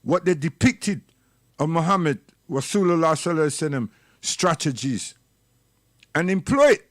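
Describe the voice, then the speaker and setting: Man with a high voice, preachy and scolding, dry close sound, for a livestream rant. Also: animated, moderate pace, a bit bright, no room sound. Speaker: livestream commentator. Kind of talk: impassioned livestream monologue.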